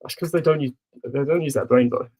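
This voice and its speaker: A man with a slightly husky voice talking football in a relaxed, confident way. He speaks in slangy, casual phrases and keeps tossing "bro" into his sentences. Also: medium pitch, fast. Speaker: podcast co-host.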